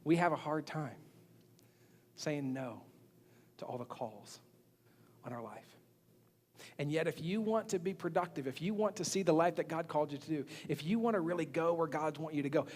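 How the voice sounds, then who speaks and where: A male pastor delivering a sermon with a notably high voice, speaking in a loose, conversational way that doubles back on words and slips into acted-out quotes. His voice rings with a long reverb from a large church hall. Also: brisk, slight background noise. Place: church sanctuary.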